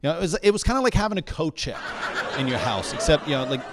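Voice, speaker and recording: A young male comedian working through a stand-up set with a slightly high voice. His delivery is loose and chatty, and he keeps tossing in "right?" and "you know?" to pull the room along. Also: sing-song, fast talker, heavy background noise. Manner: conversational, keeps checking in with the crowd. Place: stage of a local comedy bar.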